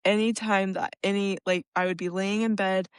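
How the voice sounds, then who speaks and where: A young woman chats on a casual podcast, giggling often and scattering fillers through her speech. Her voice sits at a middle pitch and sounds dry and close to the mic. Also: little pitch movement, normal speed, clean tone, no room sound. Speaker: podcast co-host.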